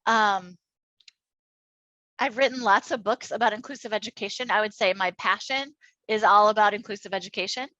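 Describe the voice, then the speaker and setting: A middle-aged woman from Minnesota leading an online workshop on inclusive education, enthusiastic and chatty with quick asides. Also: medium pitch, pushed and bright, dry recording, lo-fi sound. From Minnesota, United States. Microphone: computer mic on a video call.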